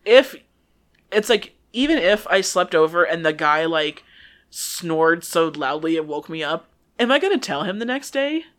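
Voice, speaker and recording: A woman's voice: on the low side, sing-song, normal speed. A young woman co-hosting a podcast, chatting casually and bluntly with plenty of swearing and filler words. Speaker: podcast co-host. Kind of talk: casual chat.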